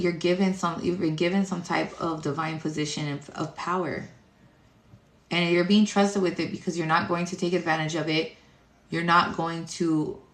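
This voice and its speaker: Here a low-voiced woman plays a tarot reader, wandering through spiritual musings with plenty of swearing, blunt phrasing, and filler words. The room around her is echoey.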